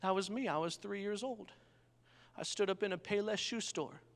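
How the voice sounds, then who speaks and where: Preaching at a normal speed, a young man tells his sermon as an energetic story, often asking listeners to answer amen. His voice is higher than typical for a male, echoing with long reverb across a large church hall.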